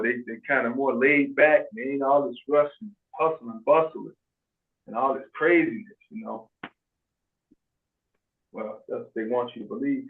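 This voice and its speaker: A man telling stories in casual chat on a video call, animated, acting out quoted voices and often restarting his sentences. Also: medium pitch, moderate pace, long pauses. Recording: tinny phone-like video call audio.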